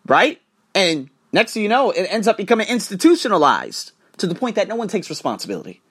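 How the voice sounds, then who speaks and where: A man hosting a podcast, talking as a teacher in a profane, ranting, animated manner. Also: high voice, a little fast, slightly rough. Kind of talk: casual monologue podcast.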